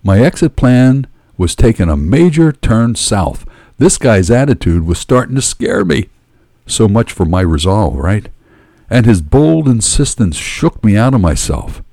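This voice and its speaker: A man's voice: lowish voice, sing-song, measured pace, mellow, no echo, clean studio sound. A man narrating a first-person story in a dramatic, wry manner.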